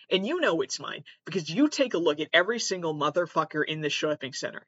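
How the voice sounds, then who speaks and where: A man hosting a podcast, ranting in a profane, self-deprecating way, with sudden loud outbursts and mumbled asides. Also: high-pitched, husky, no room sound, muffled recording. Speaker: podcast host. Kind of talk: comedic rant.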